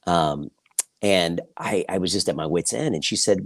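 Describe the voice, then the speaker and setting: Low gravelly guy, author chatting thoughtfully, lots of ums, dry close sound. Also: expressive, no echo. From Kansas City, United States. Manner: reflective, halting with many fillers. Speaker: author and journalist. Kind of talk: interview conversation.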